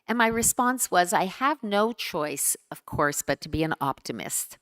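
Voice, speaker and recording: Earnest woman giving a measured speech. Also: lowish voice, lively intonation, fairly bright tone. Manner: earnest, measured, emphatic repetitions. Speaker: keynote speaker. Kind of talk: formal speech. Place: conference hall.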